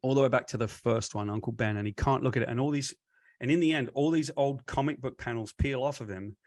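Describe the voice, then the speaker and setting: A man's voice: mid-range voice, fast talker, no echo, studio quality. A man being interviewed, telling a long, winding story about his career with many self-corrections. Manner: rambling, animated retelling with self-corrections. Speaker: comic book writer, guest.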